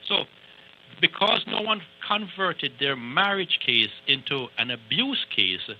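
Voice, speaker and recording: A man's voice: fairly high pitch, very animated, measured pace, sharp tone, lo-fi sound. A man who is an immigration attorney, giving emphatic, lecturing advice on a call-in radio show and repeating points for stress.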